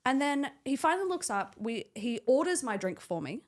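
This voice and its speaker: A young woman co-hosting a podcast, telling animated stories with lots of swearing and acted-out quotes. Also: high voice, normal speed. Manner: animated storytelling, acts out quotes, swears freely. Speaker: podcast co-host. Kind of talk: casual chat.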